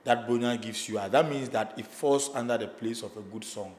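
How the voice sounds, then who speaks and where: A man with a Ghanaian accent, a musician answering interview questions in a relaxed way. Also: mid-range voice, brisk, long reverb tail, a little hiss or hum. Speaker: musician guest.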